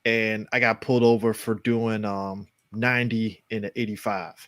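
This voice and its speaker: A man co-hosting a casual podcast chat, telling a story excitedly and laughing along with it. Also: fairly low pitch, moderate pace, no echo. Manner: excitable, laughs through his own story. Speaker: podcast co-host.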